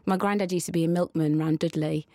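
Interview guest: young woman, Black Country accent, lowish voice, warm chatty delivery, dry close sound. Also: fairly even intonation, fast, dry recording. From West Midlands, England. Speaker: guest, children's TV presenter. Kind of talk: casual conversational interview.

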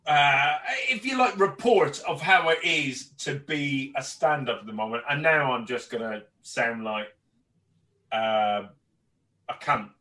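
A man's voice: mid-range voice, measured pace, pushed and bright, recorded from a distance, poor audio. A man with a Northern Irish accent, a comedian chatting on a podcast and telling stories, rambling with stammered restarts and plenty of swearing. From Northern Ireland. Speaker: guest comedian. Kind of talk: casual podcast chat.

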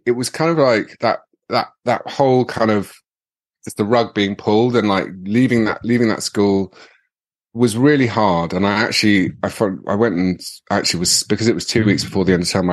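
Deep-voiced English man telling stories. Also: dry recording, studio quality. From England. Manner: rambling, many fillers and restarts, laughs often. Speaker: podcast guest. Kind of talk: casual storytelling.

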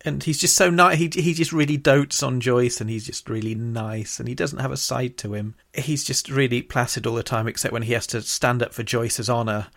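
A woman's voice: a bass voice, fairly even intonation, moderate pace, gravelly, hardly any pauses. A woman co-hosting a podcast and fondly talking through a TV show. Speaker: podcast co-host. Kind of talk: casual chat reviewing a TV show.

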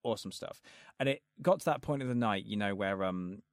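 A man co-hosting a podcast, telling a story in casual, animated chat. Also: lowish voice, fairly quick, dry recording, studio quality. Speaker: podcast co-host.

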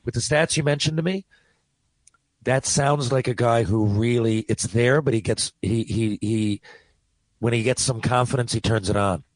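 A man co-hosting sports radio, talking hockey in quick, chatty bursts. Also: medium pitch, no echo, rough recording. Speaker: sports radio co-host and actor. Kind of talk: casual sports talk.

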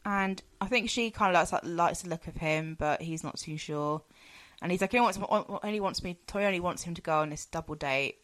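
A woman's voice: lowish voice, a little fast, a bit bright. A woman in a casual chat, laughing often as she recaps a film. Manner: giggly, enthusiastic.

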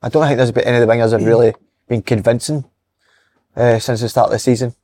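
A Scottish man with a husky, slightly rough voice, chatting and reacting in football banter. His pitch is middling. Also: fairly even intonation, fast talker, warm tone. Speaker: podcast host. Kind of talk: casual football chat.

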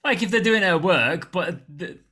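A man's voice: high voice, lively intonation, normal speed, bright, forceful tone. A man co-hosting a podcast in casual chat, giving short, dry answers. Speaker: podcast co-host.

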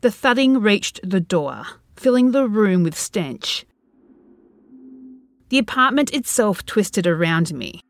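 A woman's voice: mid-range voice, big pitch swings, takes it slowly. A woman narrating a first-person horror story in a tense, dread-filled storytelling manner.

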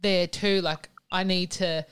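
Enthusiastic woman co-host with a smooth, resonant voice, casual chat. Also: lowish voice, fairly even intonation, unhurried. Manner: warmly enthusiastic, asks questions. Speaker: podcast co-host.

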